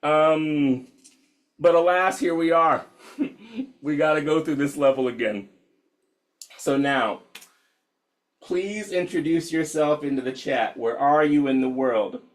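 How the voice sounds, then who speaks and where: Speaking slowly and leaving long pauses, a young man from the United States starts an online meditation session with casual, frank, profane talk. His voice is on the high side, he laughs often, and he refers to listeners as y'all.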